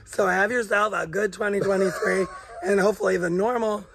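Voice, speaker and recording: A middle-aged man with a hoarse, gravelly voice worn rough from days of coughing. He chats easily on a vlog and laughs often, his voice sitting a little high for a man. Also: steady tone, fairly quick, a bit bright, slight background noise. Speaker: vlog co-host. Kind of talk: casual chat.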